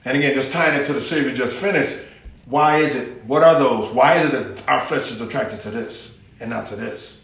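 A man's voice: medium pitch, brisk, creaky, a bit bright, heavy reverb. A man preaching a sermon as pastor, folksy and humorous, with rising exclamations.

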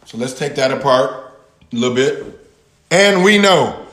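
A man teaching a Bible passage in sermon style, repeating key words with long pauses and talking back and forth with his listeners. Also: medium pitch, lively intonation, fairly bright tone, echoey room. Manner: talks with the audience, answers their replies. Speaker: pastor teaching a Bible study.

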